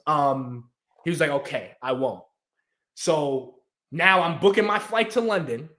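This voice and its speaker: A young man from the United States tells a long story in relaxed chat. His voice sits a little high for a man, and he livens it up by acting out what others said, laughing as he goes. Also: unhurried. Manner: animated, acts out quotes, laughs often. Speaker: guest storyteller.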